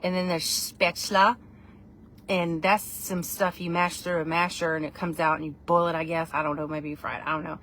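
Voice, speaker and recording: A woman's voice: lowish voice, little pitch movement, normal speed, fairly bright tone, a little hiss or hum. A woman, chatting in a casual, rambling vlog, playful and self-mocking. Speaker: vlogger.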